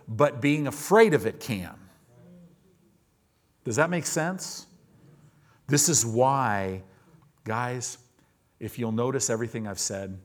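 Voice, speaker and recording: Animated male pastor preaching a sermon. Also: lowish voice. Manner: animated, swings between soft asides and loud acted-out quotes. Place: church sanctuary.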